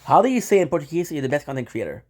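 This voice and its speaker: A man's voice: on the high side, sing-song, very fast, a little mellow. A man live-streaming, rambling playfully and talking straight to his viewers. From Canada. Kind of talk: casual live-stream chat.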